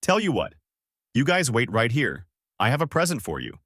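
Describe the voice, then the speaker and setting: A man's voice: mid-range voice, huge pitch swings, normal speed, a bit bright, no room sound, clean studio sound. A man voicing a nervous, polite male giant turtle in a fan-made story reading. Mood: cheerful. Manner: timid and grateful.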